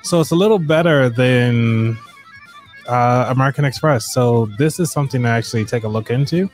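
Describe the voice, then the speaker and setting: A man's voice: medium pitch, moderate pace. A man hosting a casual live chat about finances, chatty and full of fillers as he talks to viewers. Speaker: livestream host. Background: light background music.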